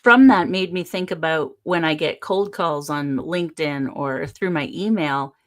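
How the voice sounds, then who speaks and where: A woman from Canada co-hosting a spiritual livestream, chatting casually with an expressive, laughing delivery over a video call. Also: low-pitched, measured pace. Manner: expressive and laughing, with lively shifts in tone.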